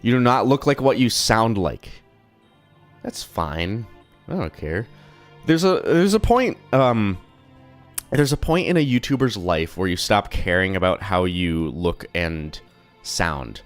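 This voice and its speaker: A young man streams from his desk at home, rambling and swearing casually with a self-deprecating streak. His voice sits a bit low and sounds slightly sick, and faint music plays under him. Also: big pitch swings, takes it slowly. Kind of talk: casual live-stream chat.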